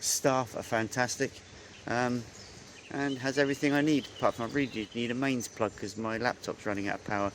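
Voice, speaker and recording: Medium-pitched and a bit bright, the Englishman's voice stays steady and runs a little fast, with a touch of hiss or hum on the line. On a motorcycle trip, he rambles through a casual video call under a campsite tree, full of ums and uhs, insects and faint rural sounds behind him.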